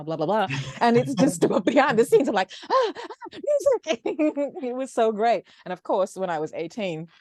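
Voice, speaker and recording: A woman in her fifties with an English accent, chatting as an interview guest, animated and often laughing, with frequent restarts. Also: on the low side, no room sound, clean studio sound. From England. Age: 50s. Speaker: guest, former radio presenter. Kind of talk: casual interview chat.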